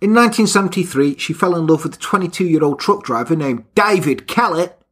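A man's voice: fairly high pitch, expressive, brisk, fairly bright tone, husky. A man hosting a podcast, telling a crime story from a script in a wry, jokey way. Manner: wry, jokey, slips into silly put-on voices. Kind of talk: half-scripted storytelling with banter.

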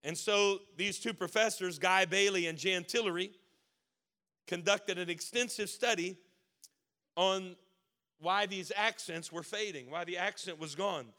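High, bright-voiced preaching man. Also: unhurried. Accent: Baltimore. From Maryland. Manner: rises to loud emphatic preaching. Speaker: pastor. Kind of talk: sermon.

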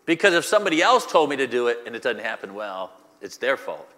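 A man's voice: mid-range voice, sing-song, fast, sharp tone, big-room sound. A male pastor preaching a sermon, using rhetorical questions and repetition, recorded in a church.

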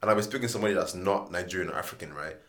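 A young man in casual podcast chat, animated and laughing as he tells jokey stories. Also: low voice, racing. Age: young adult.

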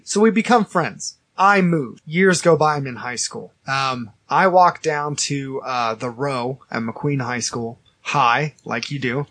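A man's voice: mid-range voice, takes it slowly, few pauses. A man in his thirties co-hosting a podcast, telling a long story in casual chat and acting out the quoted lines. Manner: animated storyteller, acts out quoted dialogue, laughs often. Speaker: podcast co-host.

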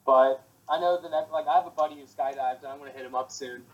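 A man's voice: mid-range voice, steady tone, fast talker, muffled recording. A young man in casual chat, laid-back and rambling with lots of fillers.

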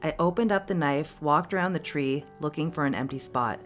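A woman with a very low voice narrates a story aloud as a podcast host. Her reading is steady and expressive. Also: a little fast, soft background music.

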